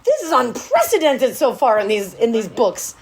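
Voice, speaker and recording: A woman co-hosting a casual book-recap podcast, swearing freely and acting out the characters in quick quotes. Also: on the high side, huge pitch swings, slight background noise, rough recording. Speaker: podcast co-host.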